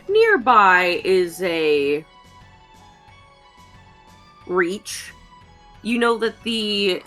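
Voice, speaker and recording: A woman's voice: fairly low pitch, sharp tone. A woman narrating as game master of a tabletop game, chatty and full of "um"s. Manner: chatty, many "um"s and "like"s.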